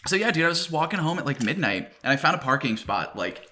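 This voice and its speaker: A man's voice: fairly high pitch, quick pace, a little hiss or hum. A young man co-hosting a podcast, chatting casually with frequent laughs and casual swearing. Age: young adult. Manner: laughs often, relaxed swearing banter. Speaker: podcast co-host. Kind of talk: casual chat.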